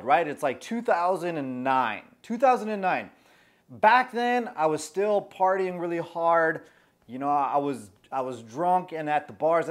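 A man of about forty giving advice on social anxiety through a personal story, emphatic and constantly checking in with "okay?". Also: on the high side.

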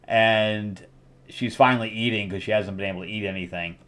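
A man's voice: on the low side, fairly even intonation, a bit bright, clean tone. Rambling middle-aged man reviewing comics. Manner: rambling recap with fillers and quick acted quotes. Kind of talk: casual comic book review.

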